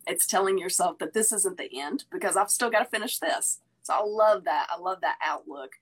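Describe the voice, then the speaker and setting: A woman's voice: fairly low pitch, fairly quick, breathy edge. A woman hosting an interview, effusive and enthusiastic, who often repeats her praise. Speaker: interview host, singer-songwriter. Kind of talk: casual interview chat.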